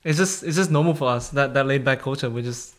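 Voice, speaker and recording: An Australian man co-hosts a casual podcast with an easygoing, joking manner. His voice sits at an ordinary middle pitch. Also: fast, a bit bright. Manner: joking, laid-back. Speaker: podcast co-host. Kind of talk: casual chat.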